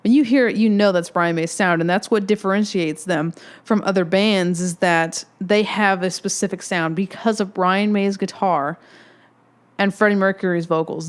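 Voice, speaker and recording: Smooth-voiced young woman, excitable storyteller. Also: mid-range voice. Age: 20s. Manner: excitable, rambling fan storytelling. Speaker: podcast host. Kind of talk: casual solo podcast storytelling.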